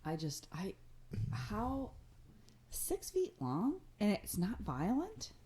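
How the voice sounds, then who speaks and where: A woman's voice: mid-range voice, wildly swooping pitch, takes it slowly, dark tone. A woman co-hosting a casual chat podcast, wry and quippy, full of questions. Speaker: podcast co-host.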